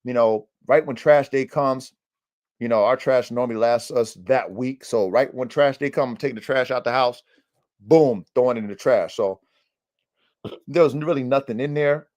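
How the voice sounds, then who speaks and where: A man hosts a livestream podcast and tells a story in loose, slangy talk. He swears freely and leans on fillers like "you know what I'm saying." His voice sits at an ordinary middle pitch. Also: moderate pace, a little mellow. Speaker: podcast host, dog breeder. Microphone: livestream mic.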